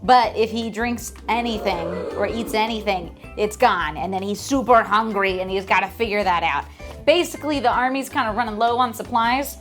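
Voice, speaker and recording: A woman's voice: medium pitch, moderate pace, a bit bright, soft background music. A woman hosting a casual book club recap, chatty with lots of fillers and some swearing. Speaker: host.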